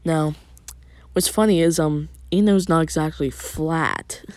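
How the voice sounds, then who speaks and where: A man's voice: fairly high pitch, a little slow. A young man casually reading out a fan-fiction story, loose and offhand with asides.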